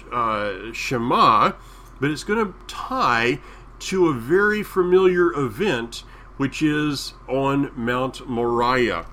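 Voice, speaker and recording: A man with a Southern US accent preaching a sermon, drawing out key phrases with deliberate emphasis. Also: mid-range voice, fairly bright tone.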